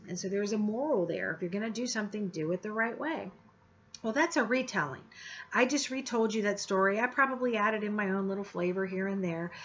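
A woman teacher giving an informal, chatty lecture with many fillers and restarts. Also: medium pitch. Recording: slightly dull lo-fi audio.

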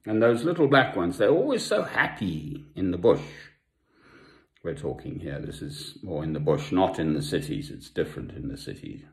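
An older man from South Africa, talking at home in a rambling personal monologue with pauses and asides. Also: low-pitched, sing-song. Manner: meandering, with long pauses and asides. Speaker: Christian vlogger. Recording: echoey room.

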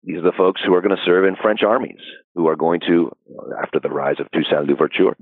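A man explaining history in an interview, thoughtful and unhurried, with frequent fillers. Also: deep voice, breathy edge, no room sound. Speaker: historian guest. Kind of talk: academic interview answers. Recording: dry, phone-like audio.

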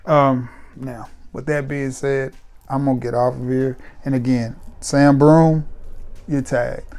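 Gravelly, laid-back man. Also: medium pitch, slow pace. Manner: relaxed, rambling and repetitive, with warm sign-offs. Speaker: fragrance reviewer. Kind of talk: casual chat to camera.

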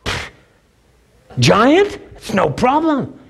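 A man's voice: extremely high pitch, huge pitch swings, drawn-out words, creaky, husky, pitched above the performer's own voice, full character voice. A man voicing a fearless young shepherd boy who speaks with bold, matter-of-fact confidence. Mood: confident.

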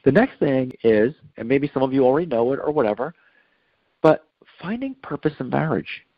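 A middle-aged man talks earnestly on Catholic radio, circling back on his points with fillers and restarts. His voice is gravelly and husky. The sound is dry and slightly dull, like an older radio studio recording. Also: mid-range voice, very animated, moderate pace, dry recording. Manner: earnest, preachy, repeats himself with fillers. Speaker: guest speaker on marriage.

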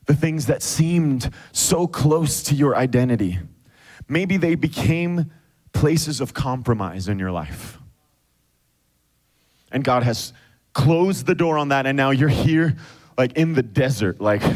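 A male pastor preaching a lively sermon, acting out quoted voices of God and the people. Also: medium pitch.

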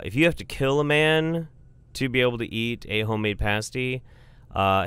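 A man's voice: fairly low pitch, a bit bright, smooth. A man casually telling a comic family story, rambling and profane, with lots of fillers.

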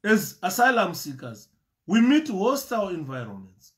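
A man's voice: high voice, big pitch swings, moderate pace. A man giving an earnest speech, repeating his phrases for emphasis. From Zimbabwe. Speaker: speaker at a refugee support event.

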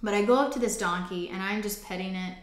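A woman's voice: medium pitch, fast. A woman hosting a faith ministry show, telling a personal testimony story in an earnest, conversational way with frequent restarts. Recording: roomy echo.

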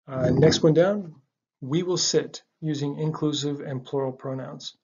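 A man giving a casual language lesson, relaxed, with frequent ums and uhs, repeating words slowly for learners. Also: fairly high pitch, husky, lo-fi sound. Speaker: language teacher.

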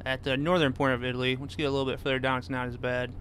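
With a mid-range, fairly bright voice and little pitch movement, this streamer talks rapid-fire while driving a truck in a game. He's relaxed, reading viewers' messages aloud and replying to them by name, and a little hiss or hum sits in the recording.

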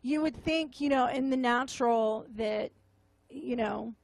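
A woman minister giving a tearful, halting sermon testimony to a room, often repeating her words. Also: fairly high pitch, creaky, no echo. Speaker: prophetic minister. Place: meeting room with audience.

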